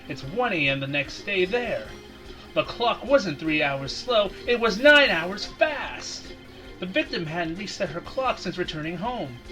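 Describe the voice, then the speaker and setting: A man's voice: sits high, voice pushed up, poor audio. A man voicing a young, earnest rookie male defense lawyer with a dramatic delivery.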